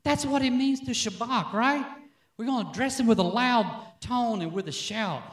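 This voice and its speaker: A man preaching a sermon as pastor from a church stage, an animated, joking storyteller. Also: extremely high pitch, normal speed, echoey room.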